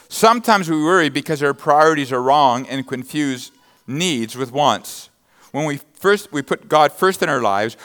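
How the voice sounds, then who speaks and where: A man's voice: mid-range voice, a bit bright, clear, resonant tone. A man preaching a sermon, reading scripture verses and expounding them with emphatic, rising bursts of intensity. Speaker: pastor.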